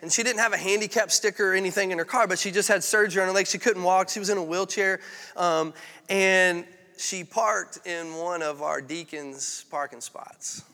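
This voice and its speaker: A man's voice: sits high, steady tone, normal speed, pushed and bright, long reverb tail. A male pastor preaching a sermon in a candid, conversational storytelling way.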